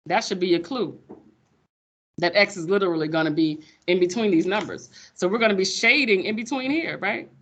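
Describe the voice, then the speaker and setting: A woman's voice: medium pitch, fairly quick, muffled recording. A woman teaching a math class, sassy and playful with her students. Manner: sassy, playful, calls students sugar baby.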